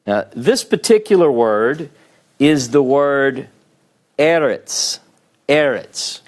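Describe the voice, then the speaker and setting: A man teaching a small class in a meeting room, speaking slowly and patiently. He breaks each point down step by step and keeps checking whether the students are following. His voice sits at an ordinary middle pitch. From United States. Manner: patient, explains step by step, frequent "okay?" checks. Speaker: Hebrew teacher. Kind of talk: classroom lecture at a whiteboard.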